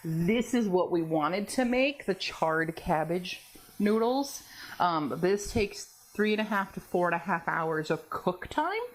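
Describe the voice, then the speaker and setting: In her home kitchen, a woman hosts a casual cooking vlog, speaking a bit slowly in a lowish voice. She rambles, laughs a lot, and talks to herself while she cooks.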